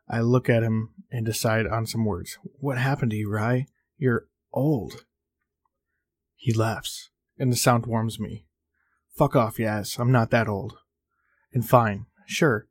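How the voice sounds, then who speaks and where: A man hosting a podcast, narrating a horror story in a measured reading with small slips. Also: mid-range voice, darkish tone, no echo.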